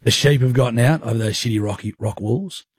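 Teasing radio co-host, husky and dry. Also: male voice, medium pitch, a little fast, no echo. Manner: teasing, laughs often. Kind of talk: casual banter.

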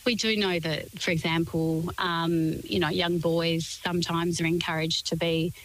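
A woman's voice: lowish voice, level tone, moderate pace, rough recording. A woman, a guest expert on a radio interview, explaining points in a composed, articulate way, often in lists.

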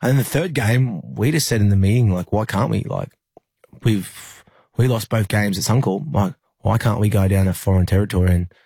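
A man's voice: on the low side, normal speed, warm tone, slightly rough, no echo. An Australian man, a rugby league player, recalling a personal story in an interview in a rambling way with many fillers and restarts. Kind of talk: emotional personal recollection in an interview.

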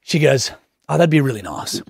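Lively husky Australian radio host. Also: male voice, medium pitch, normal speed, dry recording, studio quality. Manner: animated storyteller acting out everyone's lines. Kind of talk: breakfast radio chat, telling a story.

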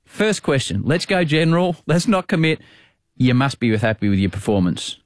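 A man, a sports broadcaster hosting, telling a story in casual chat with quick bursts of speech. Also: medium pitch, sing-song, no echo, studio quality.

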